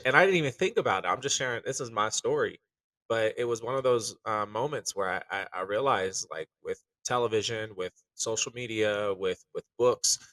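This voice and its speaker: A chef speaking candidly on a podcast, earnest and reflective, with lots of "like" and "you know.". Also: male voice, medium pitch, sharp tone, no room sound, distant mic, poor audio. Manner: earnest and reflective, many fillers.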